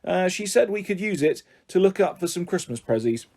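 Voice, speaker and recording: Cheeky tech-mad girl, read by a man, pitched well up and bright-eyed. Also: animated, brisk. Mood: chirpy.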